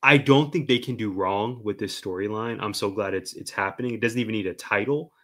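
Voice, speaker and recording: A man with a low, bright voice gives wrestling opinions on a casual podcast. He talks with animated emphasis, and his voice stays low and bright the whole way through. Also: brisk. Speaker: podcast co-host.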